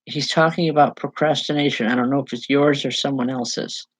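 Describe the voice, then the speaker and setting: A woman medium giving a live spiritual reading to viewers, speaking in halting, repeated phrases with soft reassurance. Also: extremely low pitch, fairly even intonation, no echo, poor audio. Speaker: psychic medium.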